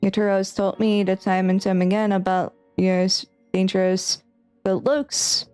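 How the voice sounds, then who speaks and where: A woman's voice: mid-range voice, steady tone, moderate pace, darkish tone, clear, resonant tone, soft background music. A woman streaming a visual novel, reading lines aloud and rambling through her theories with giggly, unsure asides. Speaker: game streamer. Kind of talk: playthrough commentary and reading aloud.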